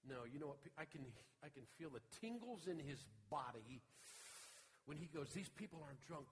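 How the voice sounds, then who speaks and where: A man preaching a sermon as a guest speaker, swinging from shouting to quiet, intimate talk and acting out the voices in his stories. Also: a little high, lively intonation, a little fast. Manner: acts out quoted voices in his storytelling.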